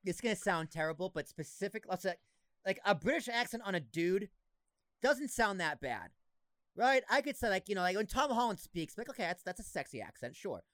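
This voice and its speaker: A man joins a podcast for casual chat, throwing out blunt opinions and jokes. His voice is bright and rather high, with a lively, animated pitch. The sound is dry and close. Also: brisk, dry recording. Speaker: podcast guest.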